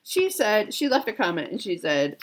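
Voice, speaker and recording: A woman's voice: mid-range voice, sing-song, moderate pace, a little hiss or hum. A woman in her forties chatting casually to viewers as a cross-stitch vlogger, rambling along with fillers and self-corrections. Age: 40s.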